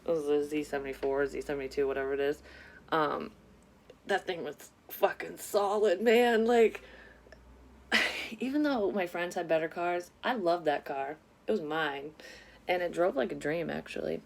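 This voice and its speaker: Low-voiced woman rambling candidly. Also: normal speed, vocal fry. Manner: candid, rambling, swears freely. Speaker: psychic medium vlogger. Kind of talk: casual story-time monologue.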